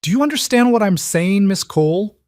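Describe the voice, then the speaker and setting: A man voicing a cold, threatening mobster with a smooth, falsely friendly manner in an audiobook reading. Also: high voice, animated, moderate pace, a little mellow, dry recording, clean studio sound, voice pushed up. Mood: menacing.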